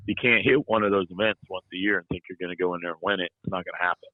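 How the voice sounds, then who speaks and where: A man's voice: deep voice, fairly even intonation, very fast, no echo, narrow, tinny audio. A middle-aged man telling stories in a rambling, folksy way, full of "you know" and playful ribbing. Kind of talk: casual storytelling chat.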